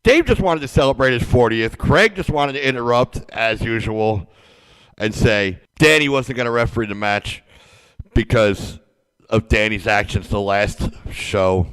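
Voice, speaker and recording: A man's voice: medium pitch, a little slow, fairly bright tone, clear, resonant tone. Hyped-up male wrestling podcast host. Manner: hyped, playful and sarcastic. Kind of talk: casual wrestling podcast chat.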